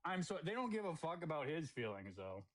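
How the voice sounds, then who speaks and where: High-voiced man ranting angrily. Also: big pitch swings, brisk, a bit bright, poor audio. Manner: angry, swearing, ranting. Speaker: livestream host. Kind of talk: heated livestream argument.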